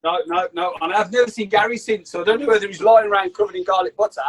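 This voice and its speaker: A man with a Birmingham accent, a chef guest telling animated anecdotes in a casual interview. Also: sits high, very fast, rough recording. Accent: Birmingham English. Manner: animated anecdote teller, acts out quotes. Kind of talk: casual storytelling.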